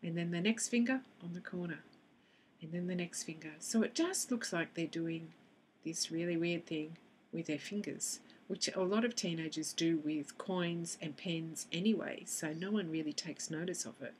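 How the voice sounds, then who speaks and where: A woman's voice: lowish voice, moderate pace, a little hiss or hum. A woman teaching how to use tapping with children, acting out both sides of a session as she explains. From Australia. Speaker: EFT practitioner. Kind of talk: instructional explanation to camera.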